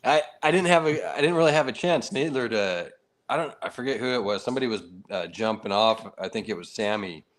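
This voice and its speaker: A man hosting a casual livestream chat in a fairly low voice. He talks in a relaxed, easygoing way, laughs often and swears without a second thought. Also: brisk. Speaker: livestream host.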